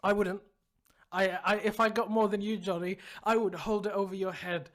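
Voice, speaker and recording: A man's voice: high-pitched, level tone, normal speed. A young man co-hosting a podcast in casual chat, teasing his co-host and laughing often.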